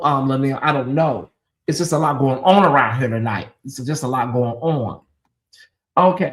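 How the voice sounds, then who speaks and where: High voiced guy hosting a livestream, chatty and animated, laughs a lot. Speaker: host. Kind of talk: livestream commentary, talking to the chat.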